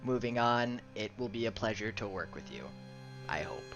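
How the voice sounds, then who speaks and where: A man doing a prim, stiff druid gentleman. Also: lowish voice, lively intonation, normal speed, vocal fry, music in the background. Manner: stiff, clipped and formal. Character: prim proper male green-skinned druid ally. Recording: muffled lo-fi audio.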